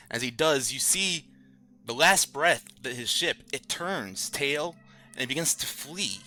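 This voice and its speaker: A man's voice: medium pitch, pushed and bright. A man narrating a tabletop game as dungeon master, casual with many fillers.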